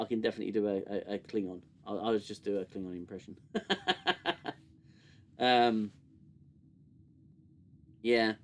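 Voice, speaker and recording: A British man hosting a casual livestream and reviewing a show, rambling with many fillers and restarts into a desk mic. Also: lowish voice. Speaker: livestream host.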